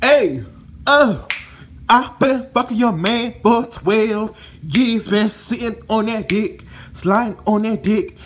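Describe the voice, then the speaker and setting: A loud, boastful woman taunting a rival with a mocking, drawn-out delivery, as a man puts her on. Her voice sits high and bright, and she lingers on every word. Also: slight background noise. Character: brash woman bragging about an affair.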